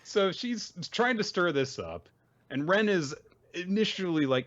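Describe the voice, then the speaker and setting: A man's voice: high-pitched, lively intonation, measured pace, a bit bright, highs cut off. A man hosting a podcast, giving a chatty, casual manga recap and acting out quotes as he goes. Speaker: podcast host.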